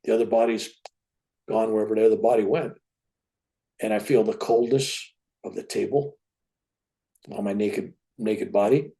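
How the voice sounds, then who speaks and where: A man's voice: lowish voice, fairly even intonation, normal speed, gravelly, long pauses, dark tone. An older man telling a personal story as an interview guest, acting out the dialogue as he goes.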